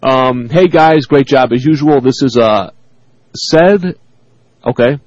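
A man's voice: mid-range voice, takes it slowly, dry recording. Laughing man on sports radio. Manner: laughs often, reads emails aloud. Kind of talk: casual sports talk, reading listener emails. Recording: dull dry radio studio sound.

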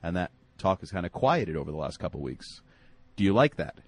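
A man co-hosting a sports radio show, talking fast and wound up. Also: deep voice, sing-song. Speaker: co-host. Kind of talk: casual sports radio chat.

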